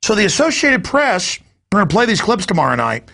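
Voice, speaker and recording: A man's voice: high voice, big pitch swings, brisk, vocal fry, bright, forceful tone. A man hosting a talk show, delivering an emphatic and indignant political rant. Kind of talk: ranting political commentary.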